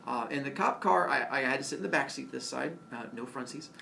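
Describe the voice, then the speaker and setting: Middle-aged guy telling a funny story, gravelly voice, jumps into other people's voices, mic far off w faint rumble. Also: fairly quick. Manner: animated, acts out voices of cops and friends with laughs. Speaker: storyteller speaking to a class. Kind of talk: humorous personal storytelling.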